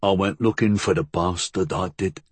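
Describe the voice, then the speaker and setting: A man voicing a big, brooding working-class tavern keeper who talks in a rough dialect. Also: deep voice, moderate pace, dry recording. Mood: grim.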